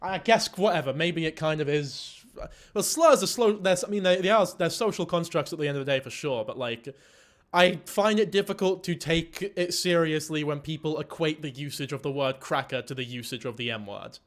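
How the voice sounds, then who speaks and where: A man's voice: a little high, normal speed. A man giving casual, rambling commentary on a clip he is reacting to, swearing offhand. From Ireland. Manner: rambling, swears casually, laughs while talking.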